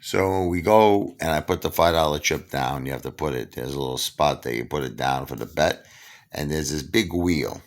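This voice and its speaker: Gravelly, deep New storyteller. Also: male voice, normal speed. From Brooklyn, New York. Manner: animated, acts out the dialogue himself. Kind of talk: casual anecdote told to camera.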